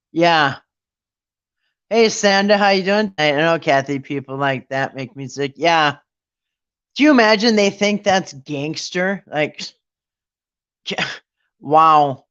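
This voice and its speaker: A man's voice: fairly high pitch, fairly bright tone, clean tone, lo-fi sound. Indignant man ranting on a live stream. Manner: indignant, mocking, rambling with restarts. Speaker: livestream host. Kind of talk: casual live-stream chat.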